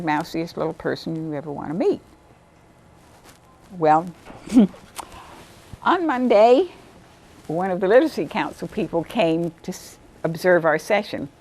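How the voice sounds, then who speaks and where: A woman, a volunteer literacy tutor, telling stories about her students in a lively interview, sometimes acting out what they said. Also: a little hiss or hum. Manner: animated, acts out quotes in a higher voice. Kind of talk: storytelling interview.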